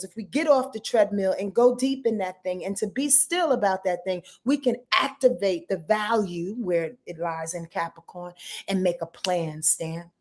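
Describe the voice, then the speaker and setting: This medium-pitched, darkish female voice belongs to a channel host doing a relaxed live astrology rundown. She's blunt, swears freely, and hits her points hard, answering viewer comments as they come in.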